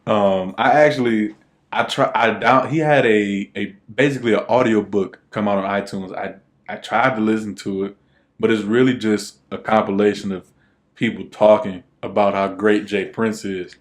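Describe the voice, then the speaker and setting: A young man with a fairly low voice co-hosts a podcast, talking in a loose, easygoing way. He rambles and fills gaps with plenty of ums and uhs. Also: fairly even intonation, moderate pace. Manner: laid-back, rambling with many fillers. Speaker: podcast co-host. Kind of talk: casual chat.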